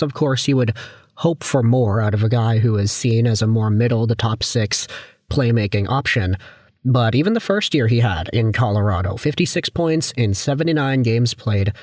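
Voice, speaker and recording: A man with a hoarse voice from a viral infection, talking about hockey in a chatty, conversational way as a YouTuber. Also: medium pitch, darkish tone, no room sound, studio quality. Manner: chatty, conversational, with frequent asides. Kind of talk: casual sports commentary.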